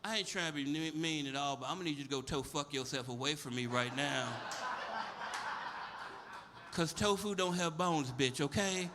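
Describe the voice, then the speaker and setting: A man's voice: a little high, normal speed, background noise. A man doing a stand-up comedy set on a club stage, brash, profane and full of stories. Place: comedy club stage before a live audience.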